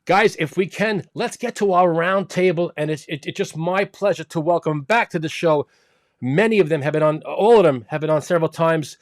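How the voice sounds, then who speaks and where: A male host with a fairly high voice runs a live online round table. He is friendly and casual and calls his guests bro. The recording is close and dry. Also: normal speed, dry recording. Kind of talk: live online show hosting.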